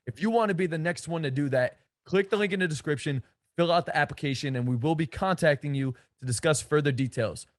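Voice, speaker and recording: A man giving casual dating advice to camera, energetic and blunt, with swearing and lots of 'like'. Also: a little high, no room sound. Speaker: dating coach.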